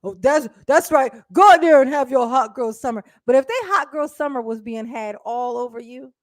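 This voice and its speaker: A woman doing casual live-stream commentary, blunt and profane, chatting directly with her viewers and breaking into quick laughs. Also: high-pitched, no room sound, studio quality. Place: indoors at home.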